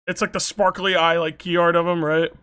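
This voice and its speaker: Young male streamer, high bright voice, lively casual storytelling, cursing freely. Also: brisk, clear, resonant tone. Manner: animated, swearing, laughing often.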